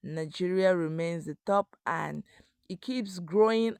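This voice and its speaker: A woman's voice: on the low side, darkish tone, clear, resonant tone, no room sound. A woman explaining how to plant crops in an earnest instructional voice-over, speaking straight to the viewer. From Africa. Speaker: agriculture video host. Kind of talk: voice-over explaining crop farming.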